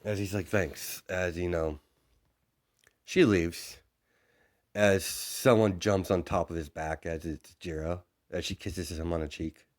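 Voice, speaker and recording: A man's voice: sits low, fairly even intonation, unhurried. A man narrating a fan fiction story off the cuff, rambling with many fillers and asides.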